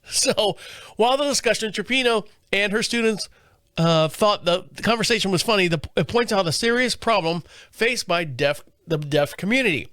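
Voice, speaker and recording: A high-voiced man hosts a comedy podcast, reading a story aloud and often breaking into laughter. He stumbles over his words and restarts, and the recording is dry and close, with no room sound. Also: animated, normal speed, fairly bright tone, dry recording. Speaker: podcast host. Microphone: studio multi-camera setup.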